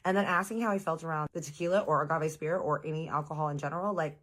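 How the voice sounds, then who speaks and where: A woman tells her viewers a story in a rapid-fire, casual, chatty way, dropping lots of "like" and casual swearing. Her slightly bright voice jumps high as she acts out her own reactions.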